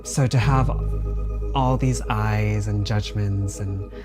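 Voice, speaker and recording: A man with a fairly low voice speaks earnestly in a documentary-style interview. He sounds self-reflective and open. Music plays clearly behind him. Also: fairly even intonation, takes it slowly. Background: background music.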